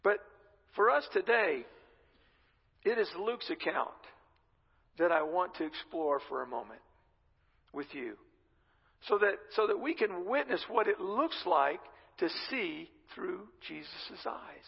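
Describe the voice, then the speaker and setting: The church hall lends a long reverb to this pastor's high, gravelly, husky voice, and the recording itself sounds somewhat dull and muffled. He preaches at a measured pace with long pauses, retelling scripture conversationally, like a relaxed story.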